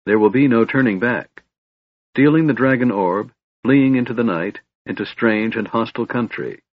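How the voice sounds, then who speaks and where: A man's voice: medium pitch, normal speed, lightly acted. A man voicing an anxious young elf woman. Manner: anxious, pleading. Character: young elf woman, troubled reluctant leader. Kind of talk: audiobook reading. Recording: dull dry recording.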